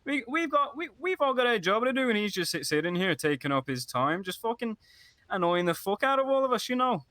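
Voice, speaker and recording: A man's voice: high-pitched, big pitch swings, fairly quick, pushed and bright, no room sound, exaggerated voice. A man playing a crude, laid-back police applicant in a game role-play, cocky and rambling.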